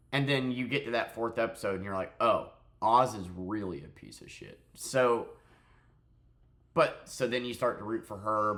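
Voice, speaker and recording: A man with a lowish voice talks through his thoughts on a series in a loose, unscripted review. He sounds tired, having just woken up, and he stumbles over his words and swears freely as he goes. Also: a bit bright. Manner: rambling, profane, restarts often. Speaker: show reviewer. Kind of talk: casual spoken review.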